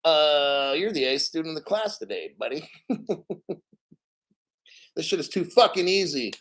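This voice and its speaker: A man's voice: fairly high pitch, expressive, unhurried, fairly bright tone, poor audio. A man hosting a crypto channel, reading an article aloud with boastful, profane commentary, laughing and getting emotional. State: emotional, near tears.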